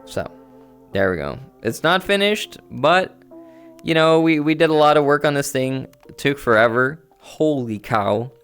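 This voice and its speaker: A man with a slightly high, smooth, somewhat bright voice speaks a little slowly with lively intonation. He's livestreaming from home in VR, chatting with viewers in an easygoing, rambling way as faint music plays.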